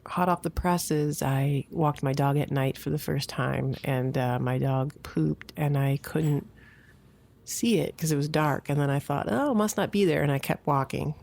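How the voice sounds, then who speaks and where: A woman in her forties from the Midwest hosting a casual comedic podcast from her home office, rambling and self-deprecating in a deadpan way. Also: deep voice, gravelly. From American Midwest. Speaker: podcast host. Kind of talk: casual solo comedic monologue.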